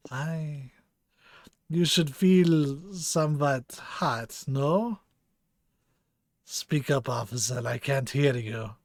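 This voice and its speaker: Man doing a condescending German scientist, weak put-on German accent, slow menacing delivery, game dub. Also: medium pitch, no echo, studio quality. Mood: cold, probing.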